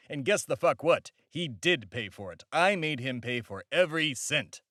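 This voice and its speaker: A man's voice: medium pitch, expressive, normal speed, few pauses, pushed and bright, no room sound, studio quality. A man hosting a comedy podcast in a pompous, boastful, crude comic persona.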